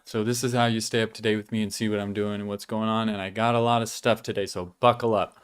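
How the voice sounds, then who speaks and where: A young man hosts a casual weekly vlog, chatting loosely about his life while chewing gum and occasionally swearing. His voice is lowish, smooth, and flat, and he talks quickly.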